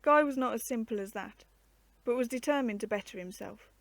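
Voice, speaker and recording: A woman reading a storybook aloud in a steady, measured narration. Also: on the high side, dry recording.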